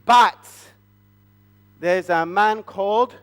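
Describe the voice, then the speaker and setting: A man voicing a boastful, spiteful royal official in a church children's story, speaking loudly and gloating. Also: sits high, drawn-out words, smooth, big-room sound.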